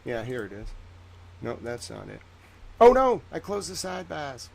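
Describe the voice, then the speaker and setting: A young man hosting a livestream, talking casually in a chatty, rambling way that turns animated when he is indignant. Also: mid-range voice, moderate pace, gravelly. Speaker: livestream host.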